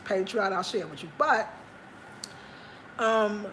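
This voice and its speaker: A woman's voice: medium pitch, takes it slowly, a bit bright, slight background noise. A woman vlogging in casual chat, rambling and emphatic. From United States.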